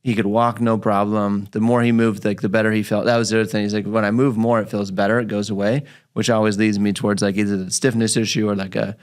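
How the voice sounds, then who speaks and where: Low-voiced man telling a clinic story. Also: fast, hardly any pauses. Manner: animated storyteller, acts out his patient's lines. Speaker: physical therapist podcast host. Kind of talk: casual storytelling chat.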